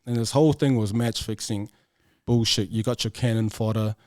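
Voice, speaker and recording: A man's voice: fairly low pitch, moderate pace. A man speaking as a guest, a former rugby player, talking bluntly and swearing freely in a casual interview, often acting out other people's voices. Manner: blunt and profane, animated with quoted voices.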